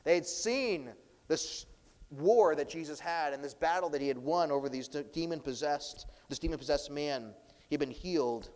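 A man preaching a sermon, earnest, swinging between emphatic and hushed delivery. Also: a little high, moderate pace, big-room sound. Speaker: pastor.

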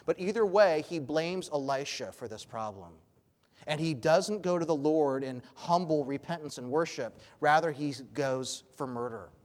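A man's voice: a little high, moderate pace, darkish tone, long reverb tail. A man preaching an expository sermon as pastor, earnest and emphatic.

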